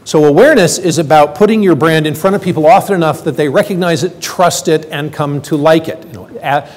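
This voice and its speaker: An older man giving a lively conference talk, joking with the audience and acting out quoted lines. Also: a little high, brisk. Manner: quipping, plays out quoted voices. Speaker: conference speaker. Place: lecture hall. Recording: hall reverb from stage.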